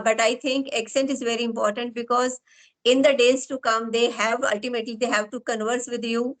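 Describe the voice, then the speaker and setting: A middle-aged woman with an Indian English accent hosting an interview, asking long, winding questions with pauses. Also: a little high, rough recording. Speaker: interviewer, host of English-speaking sessions. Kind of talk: conversational interview.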